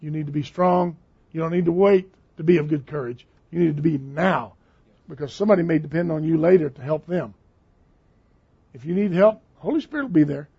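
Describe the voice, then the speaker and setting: A man's voice: on the high side, a little fast, dark tone, slightly rough. A man preaching a sermon in a conversational, emphatic way, repeating phrases for stress. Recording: dull lo-fi recording.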